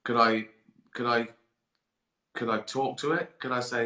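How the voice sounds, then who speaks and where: A man hosting a live stream, rambling through a comic monologue with swearing, deadpan asides and frequent giggles, sounding hot and tired. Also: mid-range voice, measured pace, pauses often. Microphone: live-stream camera mic. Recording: roomy echo.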